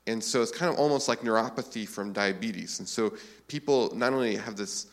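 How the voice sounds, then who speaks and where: A man preaching a sermon as a pastor, relaxed and conversational, with frequent filler phrases. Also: fairly low pitch, brisk.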